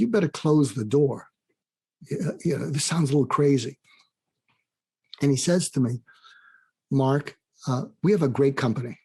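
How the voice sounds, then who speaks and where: An older man, a psychiatrist and author, telling stories in an interview and animatedly acting out quoted dialogue. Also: slightly rough. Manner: animated storyteller, acts out quoted dialogue with rising pitch. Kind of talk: conversational storytelling interview.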